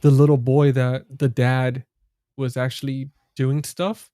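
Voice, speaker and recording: A man co-hosting a movie podcast in casual chat, excitably retelling funny scenes. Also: medium pitch, unhurried, no room sound, studio quality. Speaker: podcast co-host.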